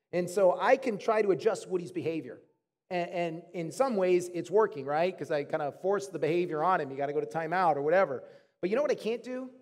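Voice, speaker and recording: A man preaching a sermon as a pastor, animated, acting out quoted arguments in a raised voice. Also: high voice, quick pace. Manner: animated, acts out arguing with God in raised voice. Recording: long hall reverb.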